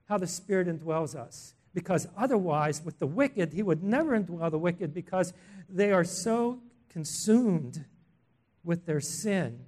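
A man preaching a sermon in an earnest, emphatic way, asking the listeners questions and swelling in loudness on key words. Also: a little high.

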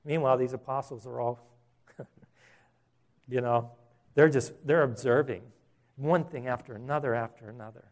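A man preaching a sermon, animated, rising to loud emphasis and dropping to quiet asides. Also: medium pitch, normal speed, long pauses. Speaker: pastor.

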